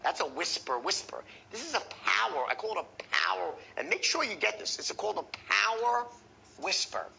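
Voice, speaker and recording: A man teaching a sales training session, animated and profane, acting out the tones of voice he teaches. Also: sits high, moderate pace, vocal fry, a little hiss or hum, low-quality recording.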